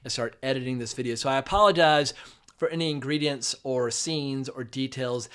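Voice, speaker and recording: A man's voice: mid-range voice, normal speed, fairly bright tone, clear, resonant tone. Congested man with a nasal voice. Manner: thoughtful, conversational, some restarts while musing. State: sick with a head cold, congested. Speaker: film reviewer. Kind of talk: casual spoken film review.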